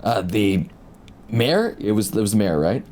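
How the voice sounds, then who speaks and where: A man's voice: lowish voice, expressive, measured pace, darkish tone. A man playing in a tabletop game, speaking in a laid-back, joking way. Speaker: player.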